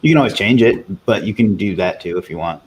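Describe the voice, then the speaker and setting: A man's voice: low voice, a little fast, a little hiss or hum. A man hosting a casual live Q&A, reading viewer comments aloud in a loose, chatty way. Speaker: livestream host.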